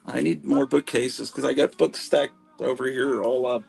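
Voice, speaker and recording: A man's voice: mid-range voice, steady tone, normal speed, vocal fry, darkish tone, faint music behind, low-quality recording. A man hosting a live stream from home, chatting in a rambling, self-deprecating way among his comic books. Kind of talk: casual live-stream chat. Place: home room stacked with comics.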